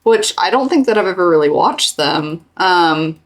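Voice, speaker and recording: A woman's voice: on the low side, expressive, moderate pace. Laid-back giggly woman streamer. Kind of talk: casual reaction stream chat.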